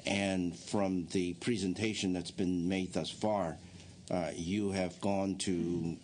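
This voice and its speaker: Low-voiced male legislator, halting, restarts often, mild room noise. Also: little pitch movement. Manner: halting, many fillers and restarts. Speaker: committee member. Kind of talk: legislative hearing questioning.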